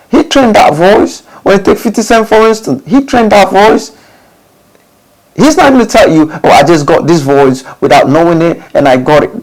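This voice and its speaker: A man with a high, gravelly, slightly mellow voice talks casually to camera over poor audio. Hosting a studio channel, he gives advice to recording artists, using emphatic rhetorical questions and often restarting phrases.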